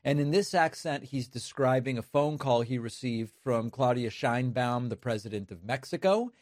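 A man's voice: mid-range voice, animated, moderate pace, a little mellow, dry recording. Dry-voiced man delivering political commentary. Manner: emphatic, numbered points, sarcastic.

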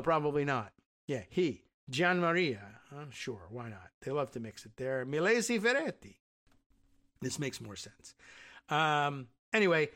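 A man's voice: fairly high pitch, a bit bright. Wry man reading news with asides. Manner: reads aloud, then breaks off into wry asides. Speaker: host reading and commenting on news. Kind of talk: casual commentary on a read news article.

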